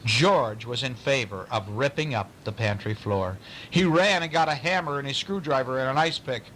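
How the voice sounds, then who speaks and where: A man reading a bedtime story aloud to a child, pausing to ask questions in a playful way. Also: medium pitch, a bit bright, slight background noise, low-quality recording.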